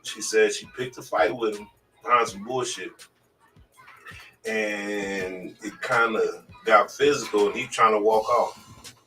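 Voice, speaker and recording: Male co-host, animated storyteller, heard slightly off-mic with faint music underneath. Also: fairly low pitch, slow pace, distant mic, rough recording. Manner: animated storyteller, loud acted-out exclamations. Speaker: podcast co-host. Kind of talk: casual group chat.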